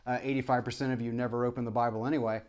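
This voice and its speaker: A man's voice: mid-range voice, level tone, very fast, a little mellow. A man, a former preacher, in a rambling opinion monologue to camera. He stumbles through many restarts and apologies and fires off impassioned rhetorical questions. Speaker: vlogger.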